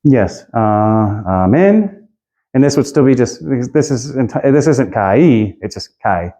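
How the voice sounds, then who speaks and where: A man's voice: mid-range voice, expressive, slow pace, dark tone. A man teaching an informal Greek class, chatty and loose, laughing and hunting for his notes as he goes.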